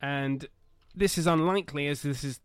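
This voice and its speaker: A man co-hosting a casual football podcast, talking animatedly with loud bursts, swearing and laughing at his own jokes. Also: a little high, normal speed, smooth, no echo, studio quality. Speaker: podcast co-host.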